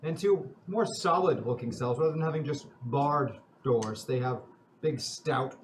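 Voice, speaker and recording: A man as game master, narrating a tabletop game in a measured, descriptive way. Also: medium pitch. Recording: roomy with faint noise.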